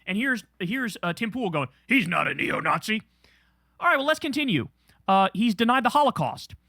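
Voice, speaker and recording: A man's voice: extremely high pitch, sing-song, fairly quick, pushed and bright, dry recording, clean studio sound. A man giving blunt, profane commentary on a live stream, reacting to clips. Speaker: stream co-host. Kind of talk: casual commentary.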